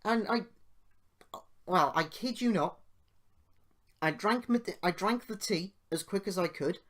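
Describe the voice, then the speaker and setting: High-voiced and in no rush, a man from the United Kingdom hosts a podcast and meanders through a story from his own life. The tangents pile up, and his retelling becomes loud and indignant.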